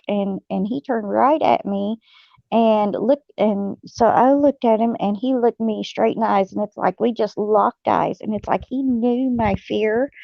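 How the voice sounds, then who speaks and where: Gravelly-voiced woman telling stories. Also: on the high side, no room sound. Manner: folksy, laughs often, many fillers. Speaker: host. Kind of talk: casual storytelling chat. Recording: dull lo-fi sound.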